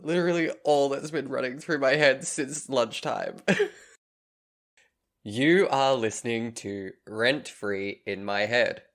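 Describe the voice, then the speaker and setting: A man's voice: mid-range voice, slow pace. A man co-hosting a podcast in casual chat, dry and teasing, often laughing. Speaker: podcast co-host.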